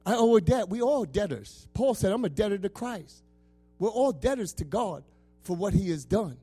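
High-voiced passionate man preaching. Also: very animated, normal speed, breathy edge, faint music behind. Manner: passionate, swinging between loud preaching and soft asides. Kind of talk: sermon.

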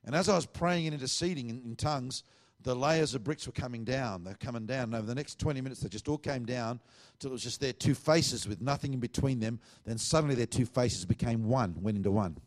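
A man's voice: medium pitch, fairly quick, hardly any pauses. A middle-aged man, a pastor, earnestly telling a testimony and acting out the dialogue he quotes.

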